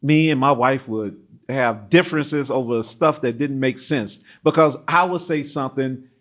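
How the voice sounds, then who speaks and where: A middle-aged African-American man from the United States, an interview guest telling stories in a lively, laughing way and acting out what people said. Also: medium pitch, moderate pace. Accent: African-American English. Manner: animated, laughs often, acts out quoted voices. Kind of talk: casual storytelling interview.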